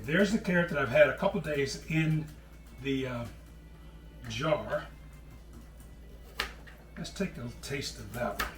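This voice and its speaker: A man's voice: fairly high pitch, echoey room, far from the mic. A middle-aged man hosting a home cooking show, chatting casually as he preps vegetables and calls people "brother.". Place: home kitchen.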